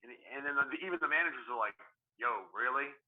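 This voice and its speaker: Male comedian co-host, rapid profane storyteller, phone-quality audio. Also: medium pitch. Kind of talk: casual chat. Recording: tinny phone-line sound.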